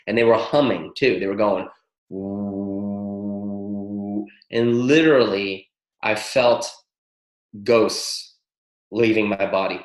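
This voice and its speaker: An excitable man teaching a spiritual workshop over a call, cursing freely as he talks. His voice sits in a middle pitch range. The room around him is noticeably echoey. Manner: excitable, swears freely, rapid-fire incantation lists. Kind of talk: live teaching call with interpreter.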